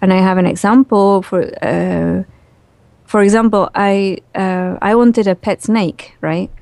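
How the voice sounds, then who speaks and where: A woman guest in a relaxed, chatty interview who laughs easily and uses lots of fillers. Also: medium pitch, measured pace, gravelly, no echo. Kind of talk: casual spoken interview.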